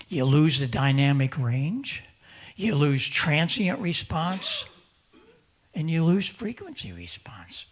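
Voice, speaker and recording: Animated man with a higher voice. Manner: animated, emphatic, repeats words; acts out voices of other hams. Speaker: presenter at a ham radio symposium. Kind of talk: lively conference talk. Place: conference room in front of an audience.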